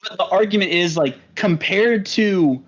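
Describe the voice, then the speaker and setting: A man's voice: high voice, unhurried, a bit bright. A young man co-hosting a podcast, bantering casually and arguing his point. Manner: argumentative, reads lyrics aloud mockingly. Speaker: podcast co-host. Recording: dull lo-fi sound.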